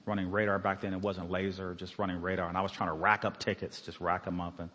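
A man, a former police officer, telling a personal story during a church sermon in an earnest, halting way with many restarts. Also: deep voice, little pitch movement, sharp tone. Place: church sanctuary. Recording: husky voice in a reverberant church.

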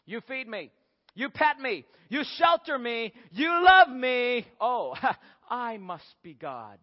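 A man's voice: very high voice, very animated, slow pace, voice pushed up, heavily acted. A man voicing a smug self-centered cat. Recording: echoey hall, dull lo-fi sound.

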